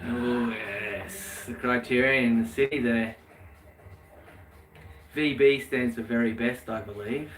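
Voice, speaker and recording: A man's voice: medium pitch, slow pace, pauses often, fairly bright tone, roomy sound, far from the mic, faint music behind, poor audio. A man, co-hosting a live stream in casual chat, giving short agreeing replies and asking prompting questions.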